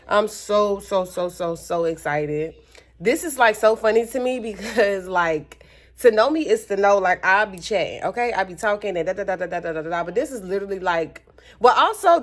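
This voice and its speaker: A young woman, chatting excitedly to her camera in a hotel room and calling her viewers y'all, honey and child. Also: mid-range voice. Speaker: vlogger. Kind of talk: casual vlog talk to camera.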